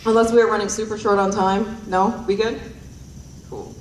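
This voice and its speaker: A woman's voice: mid-range voice, level tone, normal speed, a little hiss or hum. A young woman telling rambling, self-deprecating stand-up stories on stage into a handheld mic, with lots of ums and giggles. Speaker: stand-up comedian. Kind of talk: stand-up storytelling. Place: stage at a performance night. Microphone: handheld stage microphone. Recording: roomy hall mic heard from a distance.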